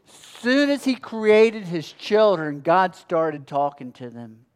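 A man's voice: high-pitched, animated, slow, hardly any pauses, clean tone. A man preaching a sermon as pastor, building his points with a rhythm of repeated phrases.

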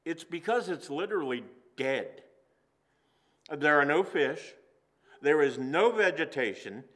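A man preaching a sermon to a congregation in a church, earnest and slowing down for emphasis. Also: fairly high pitch, expressive, fairly bright tone. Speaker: pastor. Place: church sanctuary.

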